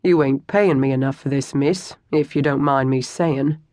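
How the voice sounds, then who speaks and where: An audiobook narrator voicing a rough older man, a former lawman turned hired thug, wry and sardonic. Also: mid-range voice, normal speed, darkish tone, dry recording, lightly acted. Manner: sardonic, dry wit.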